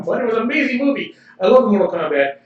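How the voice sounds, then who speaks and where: A man's voice: high voice, big pitch swings, quick pace. A man co-hosting a podcast in casual chat, opinionated and laughing often. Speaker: podcast co-host. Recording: roomy, distant, slightly dull livestream audio.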